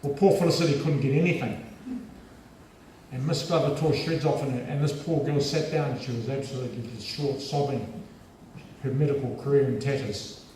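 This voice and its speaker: A man with a New Zealand accent giving a lively, humorous storytelling speech as a guest speaker at a school assembly. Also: mid-range voice, moderate pace, a little hiss or hum. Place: large school hall. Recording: echoey hall from far off.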